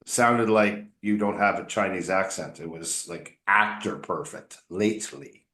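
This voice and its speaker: A man with a lowish voice works through pronunciation with a student, correcting word by word and encouraging her. He sounds a little sick. The recording has a roomy echo around him. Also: a little slow, bright, forceful tone. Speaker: acting and pronunciation coach. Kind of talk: one-on-one online coaching session.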